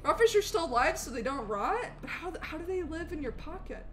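A woman streaming a game live, chatting with viewers and swinging between loud greetings and low mutters. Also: very animated, a little fast, slight background noise. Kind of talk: live gameplay commentary.

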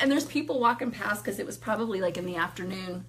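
A woman in her thirties sharing a personal faith testimony in casual conversation, animated, acting out quotes and laughing often. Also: mid-range voice, quick pace.

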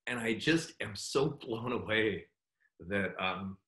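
Bright-voiced middle-aged man, halting. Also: on the low side. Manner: halting, full of fillers and restarts; heartfelt, open about his feelings. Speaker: guest actor. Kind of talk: casual interview chat.

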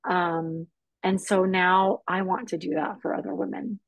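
A woman guest on a podcast telling her own story in an earnest, animated way, acting out what people said. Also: lowish voice, a little slow, no echo, lo-fi sound. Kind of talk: personal testimony in conversation.

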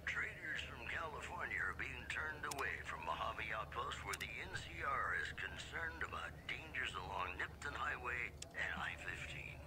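A man voicing a smooth radio DJ, faint under noise. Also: medium pitch, big pitch swings, normal speed, close to an everyday voice. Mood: announcing. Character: smooth-talking male radio news DJ. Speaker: in-game radio DJ.

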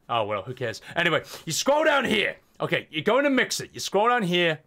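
High, lively man yelling through a tutorial. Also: moderate pace. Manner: swings between calm explaining and insult-laden yelling; profane, mock-abusive toward viewer. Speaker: content creator. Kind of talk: comedic angry software tutorial.

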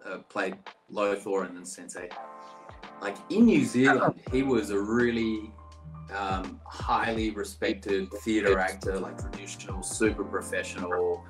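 Over faint music, a man in his thirties from Brazil speaks in a lowish voice, a little slowly, in a reverberant, low-quality recording. He's an actor guest on a video call, casually telling stories in a relaxed, rambling way packed with "like" fillers.

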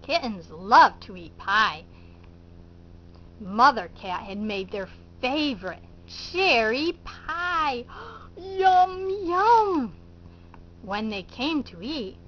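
A woman storyteller reading to preschoolers at a very slow, deliberate pace, her voice high and sing-song. She keeps inviting the little listeners to join in. The recording is muffled and lo-fi. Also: sharp tone. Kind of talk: preschool felt-board storytelling. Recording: dull lo-fi recording.

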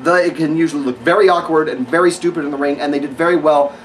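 Sarcastic dude rambling through a wrestling review, kinda high voice, mic a bit far off. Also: male voice, steady tone, fast talker, a little hiss or hum. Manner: rambling, sarcastic, lots of fillers. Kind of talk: casual spoken review.

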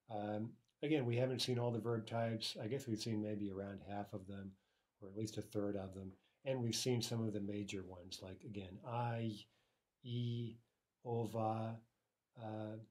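A man with a fairly low, dark-toned voice teaches a recorded language lesson. He walks through each step, frequently asks "right?", and pronounces the example words slowly and carefully.

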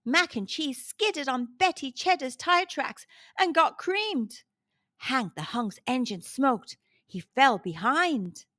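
A woman reading a children's picture book aloud in an animated, expressive storytelling voice. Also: high-pitched, takes it slowly, no room sound, clean studio sound.

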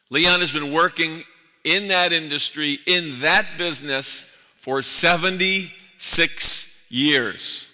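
A man's voice: a little high, slow, bright, forceful tone. A man preaching a sermon as pastor, earnest and building emphasis through repeated phrases. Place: church sanctuary. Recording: echoey church hall.

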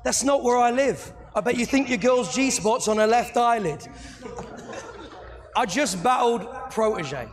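A man's voice: extremely high pitch, animated, unhurried. A man with a British accent, delivering rap battle verses in a mocking, sarcastic and theatrical way. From United Kingdom. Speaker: battle rapper.

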